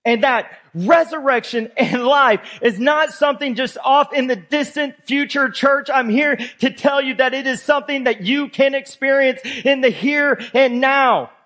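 A man's voice: extremely high pitch, measured pace, hardly any pauses, fairly bright tone. A male pastor preaching a sermon. He reads scripture aloud and talks emphatically as he walks his congregation through the verses.

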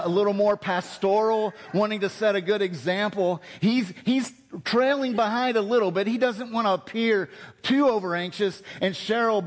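A male pastor telling a humorous story in a sermon, swinging from hushed to loud. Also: high-pitched, big-room sound.

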